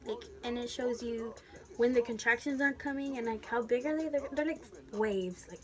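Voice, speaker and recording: Chatty young woman with a high voice. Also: moderate pace. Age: young adult. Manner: chatty, frank, uses slang and swearing. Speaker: vlogger. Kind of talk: casual storytelling to camera.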